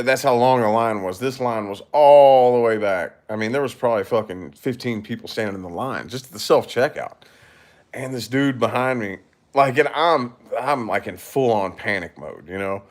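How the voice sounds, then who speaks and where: A man from Kentucky, a YouTuber, chatting casually with viewers in a rambling way, swearing and laughing often. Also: mid-range voice. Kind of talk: casual livestream chat.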